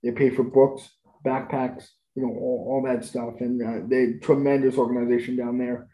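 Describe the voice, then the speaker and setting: A man's voice: mid-range voice, level tone, moderate pace, mellow, slight background noise. A man telling stories as a podcast guest in a conversational, enthusiastic way. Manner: enthusiastic, gushing about experiences. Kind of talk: conversational storytelling. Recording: roomy echo.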